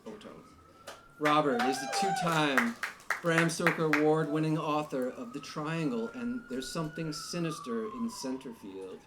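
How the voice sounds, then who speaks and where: A man from Long Island, New York, hosting a live reading series in a bar, joking and energetic with the audience. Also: a little high, a little slow. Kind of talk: live event emcee. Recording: noisy bar with crowd. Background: crowd chatter and noise.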